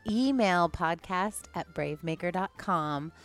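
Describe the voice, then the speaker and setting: A woman's voice: on the low side, animated, measured pace, faint music behind. A woman co-hosting a podcast in a playful, upbeat, teasing way. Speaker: podcast co-host. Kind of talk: casual chat.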